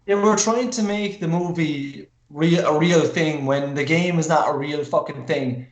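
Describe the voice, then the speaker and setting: A man's voice: a little high, a little slow. A man co-hosting a podcast, chiming in with laid-back, casual remarks. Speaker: podcast co-host. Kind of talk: casual film review chat. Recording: echoey room.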